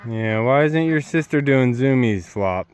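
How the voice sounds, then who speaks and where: A man vlogging from his homestead, talking softly and worriedly to a sick goat at the pen. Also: medium pitch, normal speed. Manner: soft, worried, talks gently to his goats. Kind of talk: casual vlog with animals.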